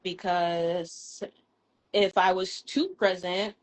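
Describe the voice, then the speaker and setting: A woman's voice: fairly low pitch, steady tone, slow, low-quality recording. Frank, casual woman speaking candidly. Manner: frank, swears casually, laughs between thoughts. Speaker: guest. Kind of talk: candid personal conversation. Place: live video stream.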